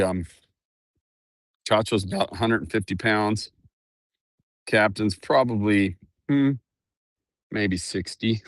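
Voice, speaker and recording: A man's voice: on the low side, gravelly, no echo, clean studio sound. A middle-aged man chatting casually through an earbud mic while walking around his ranch outdoors, laughing often and cooing at his dogs. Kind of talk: casual walk-around vlog.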